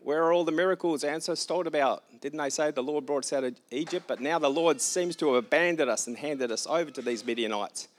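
A man's voice: quick pace, few pauses, natural voice. A man voicing an anxious, doubting young male hero in a retold scripture story, pleading and raising his voice. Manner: pleading, higher and louder than his own voice.

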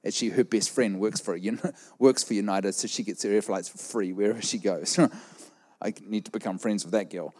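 Animated male preacher telling a story. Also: lowish voice, a little fast. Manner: animated storytelling, acts out quoted voices. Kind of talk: sermon with personal story.

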